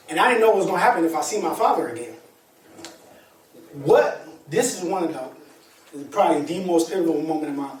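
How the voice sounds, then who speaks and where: High-voiced man telling his story. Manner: animated, colloquial storytelling with laughter. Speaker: motivational speaker. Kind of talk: personal storytelling talk to an audience. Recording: echoey room, distant mic, faint ambience.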